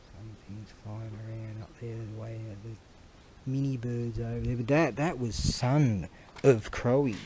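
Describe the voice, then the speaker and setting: Slow-talking Australian man, rambling. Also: mid-range voice, fairly even intonation, background noise. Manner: slangy, wandering, chuckling storyteller. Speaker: vlogger. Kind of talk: casual rambling commentary.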